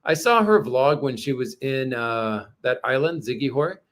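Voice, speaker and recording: A man's voice: medium pitch, animated, measured pace. A man from Canada hosting a casual livestream, chatting with viewers in a rambling way full of fillers and restarts. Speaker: livestream host reading chat.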